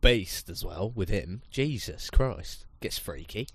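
A man, co-hosting a casual podcast chat with an animated, swearing, self-mocking manner. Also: lowish voice, slow, gravelly, slightly rough. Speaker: podcast co-host.

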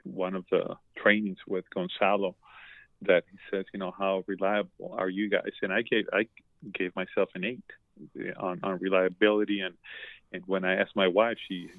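A man's voice: sits low, level tone, moderate pace, dry recording. A man talking as a podcast guest, telling a heartfelt story with emotion, repeating words and restarting often. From Colombia. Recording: dry, tinny phone-like line.

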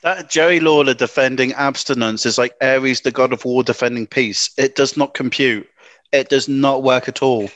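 A man co-hosting a casual podcast chat, animated and playful. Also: mid-range voice, no room sound. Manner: animated, playful and quick to laugh. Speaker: podcast co-host.

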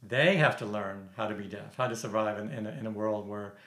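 A man's voice: fairly low pitch, a little fast, fairly bright tone. A man discussing a film in a casual panel chat, who often restarts and repeats words while building his point. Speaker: film critic. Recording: roomy echo.

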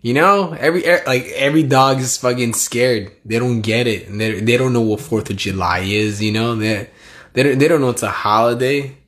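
A man's voice: medium pitch, moderate pace, fairly bright tone. A young man from the United States hosting a casual podcast on a live stream, rambling and joking with slang and swearing. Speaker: podcast host.

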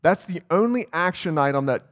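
Conversational pastor preaching. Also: male voice, a little high, lively intonation, brisk. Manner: conversational, asks the congregation questions. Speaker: campus pastor. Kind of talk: sermon. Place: church sanctuary.

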